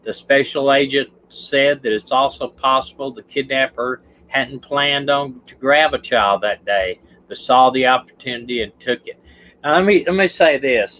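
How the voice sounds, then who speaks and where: A man's voice: mid-range voice, fairly bright tone, low-quality recording. A man with a Southern US accent, a retired detective hosting a livestream, talking through a case casually and restarting his sentences. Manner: rambling, restarts sentences, stumbles over words.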